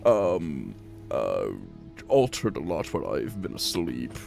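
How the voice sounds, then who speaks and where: A calm elderly god of magic , put on by a man, speaking low and hushed with a gravelly edge. He talks slowly and gently, like a patient grandfather. The delivery stays soft and fatherly throughout. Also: faint music behind, full character voice. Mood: kindly. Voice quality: deep, hushed and slow.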